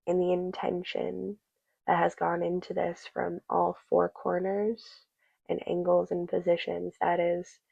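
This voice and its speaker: A woman giving a soft, meandering tarot reading, full of fillers and a little teary. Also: fairly low pitch, gravelly, no echo, muffled recording. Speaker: tarot reader.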